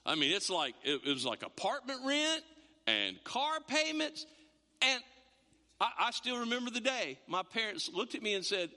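Male pastor, high lively voice, bright tone; sermon in a reverberant sanctuary. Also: moderate pace. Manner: animated, repeats words, acts out quotes. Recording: long hall reverb.

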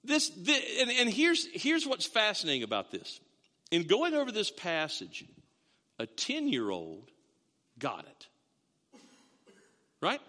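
A man in his fifties preaches a sermon in a church, telling stories with self-mocking asides. His voice sits high and bright and swings widely in pitch. The sound carries a long reverb from the hall. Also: wildly swooping pitch, takes it slowly, pauses often. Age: 50s. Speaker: pastor. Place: church sanctuary.

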